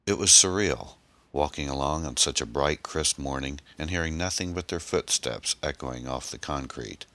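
A man narrating an action story in a brisk, dramatic audiobook style and voicing the male lead. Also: very deep voice, bright, forceful tone. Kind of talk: audiobook narration with character voices.

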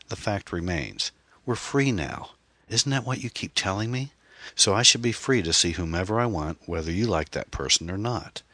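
A guilt-ridden divorced man pleading on the phone, earnest and defensive, as a man reads him. His voice is deep and husky, bright in tone, recorded close and dry. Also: no echo, heavily acted.

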